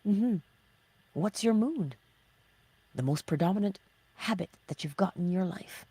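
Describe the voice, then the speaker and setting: A woman hosting a motivational spiritual talk, asking rhetorical questions and answering them herself, sometimes dropping to a hushed whisper. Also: lowish voice, lively intonation, unhurried, gravelly, long pauses, husky. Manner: drops into hushed, whispered emphasis. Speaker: host of a morning inspiration livestream.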